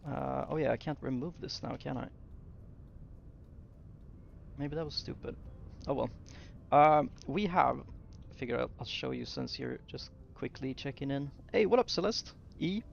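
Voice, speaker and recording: A man's voice: medium pitch, normal speed, gravelly, highs cut off, slight background noise. A young man who streams games, muttering to himself while he builds and chatting casually with his viewers. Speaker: game streamer. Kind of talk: casual gameplay commentary to chat.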